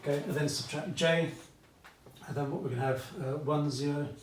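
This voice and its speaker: A British man teaches maths at a whiteboard in a fairly high voice, chatty and full of asides. He is recorded from a distance in an echoey room, with faint room noise behind him. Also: fairly even intonation, a little fast. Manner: chatty, asks "okay?" often, asides to viewers. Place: classroom with whiteboard.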